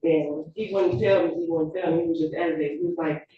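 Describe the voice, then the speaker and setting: A woman gives courtroom testimony, halting and repeating her words as she goes. The sound is roomy and distant, picked up from across the courtroom on a dull, lo-fi system. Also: sits low, little pitch movement, background noise. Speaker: witness. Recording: echoey distant courtroom audio, lo-fi.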